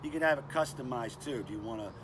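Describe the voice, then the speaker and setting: A man's voice: mid-range voice, fast, noisy background. An older man hosting a casual knife and gear review vlog, chatty and self-deprecating with lots of "uh" and "anyway.". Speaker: knife review channel host.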